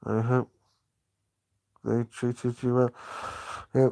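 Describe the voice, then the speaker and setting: Older guy rambling on a livestream, lots of restarts, pretty monotone. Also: medium pitch, vocal fry. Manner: rambling, halting, many restarts. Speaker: live streamer. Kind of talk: casual live-stream chat.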